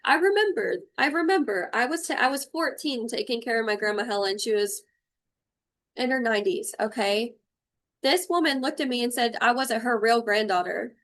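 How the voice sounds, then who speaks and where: A woman's voice: fairly high pitch, lively intonation, normal speed, fairly bright tone. Blunt, emotional woman doing a tarot reading. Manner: emotional, blunt, swears freely. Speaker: intuitive tarot reader. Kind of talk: livestream spiritual reading.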